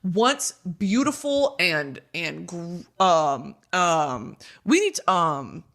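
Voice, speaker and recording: A woman's voice: lowish voice, sing-song, slow pace, fairly bright tone. A young woman hosting a comedy podcast, dramatic and swinging between mock outrage and giggles. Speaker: podcast host. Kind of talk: comedic chat.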